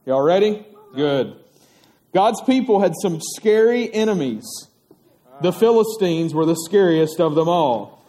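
A man, teaching children on a stage as they act out a story. He is animated, stretches words for drama and laughs often. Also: sits high, a little slow.

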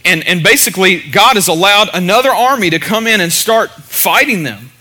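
A man's voice: sits high, animated, normal speed, bright, forceful tone. A middle-aged male pastor preaching a casual sermon, chatty and full of "you know" fillers.

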